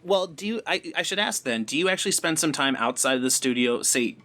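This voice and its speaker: A man's voice: on the high side, expressive, brisk, bright, forceful tone. A man interviewing a voice actress, asking long, friendly questions with plenty of fillers.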